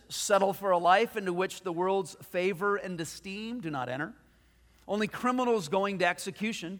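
A man pastor preaching a sermon, telling a story with animated delivery and frequent restarts. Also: high voice, in a large hall.

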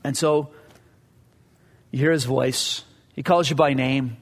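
A man's voice: medium pitch, steady tone, takes it slowly, breathy edge, in a large hall. A man preaching a sermon as pastor, earnest and conversational, often repeating his words as he goes.

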